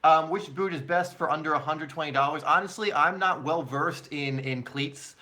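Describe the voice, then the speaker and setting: A man's voice: fairly high pitch, normal speed, bright, forceful tone. A man hosting a live question-and-answer stream for his soccer channel, chatting casually with viewers and using many fillers.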